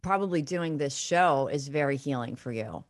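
Deep-voiced lady guest, earnest and reassuring, lots of mm-hmms. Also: animated, moderate pace. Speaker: guest podcaster. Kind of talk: supportive conversation.

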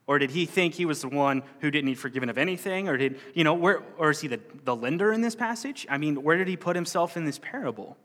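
A man's voice: fairly high pitch, lively intonation, fast, hardly any pauses, fairly bright tone, in a large hall. A man teaching a Bible parable in a loose, conversational way, acting out the lines of the people he quotes. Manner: conversational, acts out quoted speech. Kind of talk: sermon-style Bible teaching.

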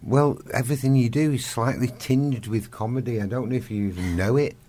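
A man's voice: mid-range voice, fairly quick, dark tone, slight background noise. A man hosting a radio show, running an interview in an upbeat, teasing way. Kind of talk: chatty interview and show links.

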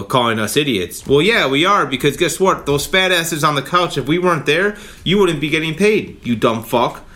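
A man with a bright, forceful tone delivers a heated sports-talk rant. He swears freely and keeps up a fired-up, rapid flow as the show's host. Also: mid-range voice. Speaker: podcast host.

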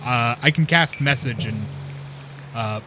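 A man playing a tabletop game, speaking in a halting, uncertain way. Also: mid-range voice. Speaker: player. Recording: clear background music.

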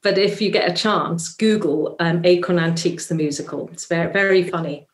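A woman's voice: on the low side, a little fast. A Welsh woman, a musical theatre actress, telling a story in a chatty interview full of ums. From Wales. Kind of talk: casual interview anecdote.

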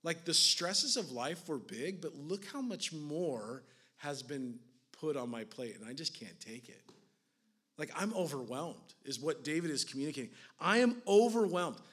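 A man's voice: a little high, lively intonation, moderate pace, slightly rough. Casual, impassioned man preaching. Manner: conversational, fillers of "like", rising to intense then hushed. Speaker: pastor. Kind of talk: sermon.

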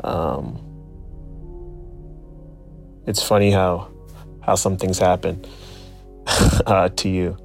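Low gravelly man telling a story. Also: drawn-out words, long pauses, a little mellow, faint music behind. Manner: reflective, searching for words. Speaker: guest storyteller. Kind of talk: casual spoken storytelling.

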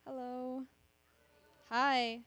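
A woman's voice: high voice, level tone, very slow, fairly bright tone, slight background noise. A young woman giving a chatty church devotional talk, self-deprecating and full of fillers. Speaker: devotional speaker. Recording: long reverb of a large hall.

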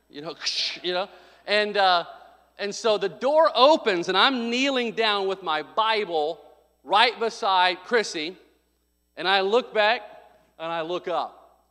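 A male pastor preaching a sermon, telling a story with loud bursts and sudden drops to quiet. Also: sits high, expressive, a little slow. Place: church sanctuary. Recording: long hall reverb.

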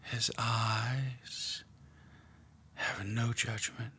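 Slow, hushed man leading prayer. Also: medium pitch, flat delivery, slight background noise. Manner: slow, hushed, often whispering. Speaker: prayer leader. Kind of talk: guided prayer meditation.

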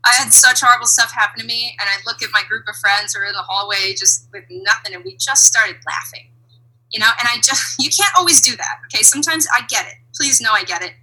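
Woman guest, fairly high, breathy voice; earnest, lively talker. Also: fast, low-quality recording. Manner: animated, reflective, laughs often. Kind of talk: conversational interview.

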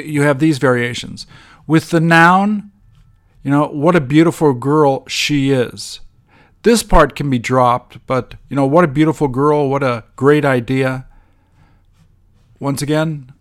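A man teaching English grammar, walking through example sentences in a measured way with frequent ums. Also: mid-range voice.

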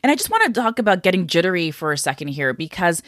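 A woman's voice: lowish voice, sing-song, fast, a bit bright, no room sound. Upbeat woman podcast host giving health tips, chatty coachy vibe, dry close mic. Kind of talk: casual health podcast talk.

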